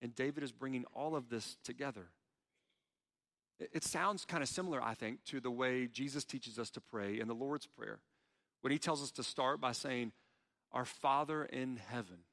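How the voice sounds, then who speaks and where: A man's voice: medium pitch, normal speed, fairly bright tone, in a large hall. A man preaching a sermon, earnest in tone, voicing heartfelt pleas as he quotes prayers. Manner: earnest, pleading when quoting prayers. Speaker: pastor.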